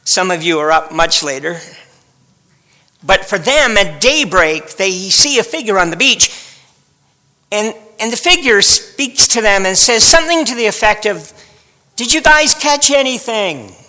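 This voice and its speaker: A man preaches a sermon, telling the story with wry drama. His voice is high, bright and unhurried, and it rings in a long hall echo. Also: animated. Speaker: pastor.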